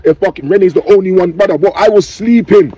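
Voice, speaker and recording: A man's voice: high-pitched, fast, mellow, far from the mic, muffled recording. A man jumping into a heated argument, insistent and taking one side with slangy street talk, heard from off mic.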